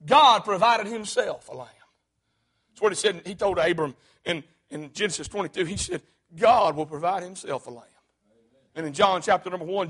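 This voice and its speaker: High, bright-voiced preacher man. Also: moderate pace, husky. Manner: emphatic, punctuates with "hey". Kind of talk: sermon.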